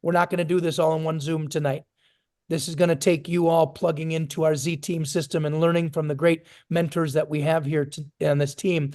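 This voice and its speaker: High-voiced, emphatic motivational man. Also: little pitch movement, fairly quick, darkish tone. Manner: emphatic, punchy, builds lists for effect. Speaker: motivational speaker for a business team. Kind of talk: motivational talk over a video call.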